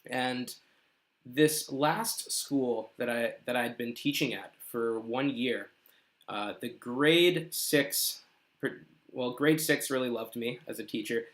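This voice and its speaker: A man's voice: medium pitch, slow pace, fairly bright tone. Young male teacher from Canada, live-stream English lesson, chatty, patient, lots of fillers.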